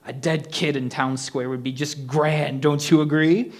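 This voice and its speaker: A man's voice: fairly high pitch, steady tone, measured pace, lightly acted. A man reading a story aloud, voicing a vengeful male ghost who possesses a middle-aged man, with mocking, theatrical menace. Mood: gloating.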